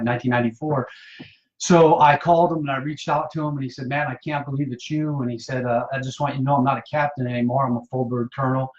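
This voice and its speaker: A man from Michigan, a pastor and Marine veteran, tells a personal testimony on a live stream in a casual, halting way full of fillers and restarts. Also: medium pitch. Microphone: phone or webcam for a live stream. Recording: dull, roomy live-stream audio.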